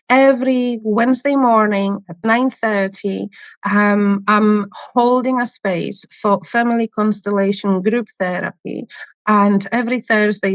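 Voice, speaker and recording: Slow, hesitant Polish-accented woman. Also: medium pitch, no room sound. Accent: Polish with a Scottish tinge. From Poland. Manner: slow, hesitant, many fillers. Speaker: guest, family constellation therapist. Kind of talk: podcast interview.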